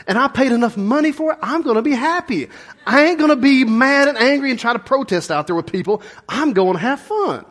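A man's voice: sits high, slightly rough. A middle-aged man preaching a conversational sermon as a pastor, folksy and plain-spoken, full of rhetorical questions.

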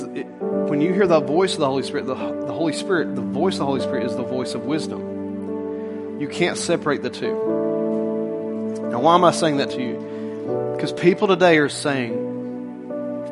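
A man preaching a casual, storytelling sermon, joking and talking straight to the congregation. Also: mid-range voice. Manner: folksy, joking, animated asides to the congregation. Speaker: pastor. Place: church sanctuary.

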